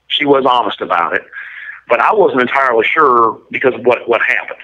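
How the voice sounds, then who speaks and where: A man's voice: mid-range voice, fairly quick, pushed and bright. A man giving an interview and telling a story in a blunt, matter-of-fact, detailed way. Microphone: prison phone line. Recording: muffled lo-fi line.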